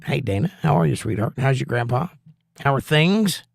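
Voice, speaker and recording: Laid-back middle-aged man hosting a live chat show, folksy and unhurried, dry close-miked sound. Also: medium pitch, animated, gravelly, dry recording. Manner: easygoing, folksy, reads chat aloud. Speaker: livestream host. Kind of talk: casual chat reading viewer comments.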